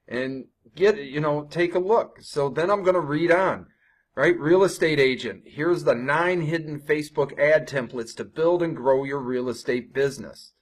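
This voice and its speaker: A young adult man coaching viewers on ad copy in a casual, conversational way, often tacking on "right?" and restarting sentences. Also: medium pitch. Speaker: online marketing coach. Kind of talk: casual screen-share tutorial.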